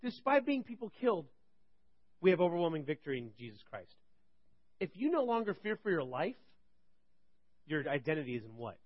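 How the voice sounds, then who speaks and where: Young male Bible teacher, talky and rhetorical, slightly high voice, dull dry audio. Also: big pitch swings, brisk, pauses often, no room sound. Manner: conversational, rhetorical questions, swings between loud and quiet. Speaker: preacher.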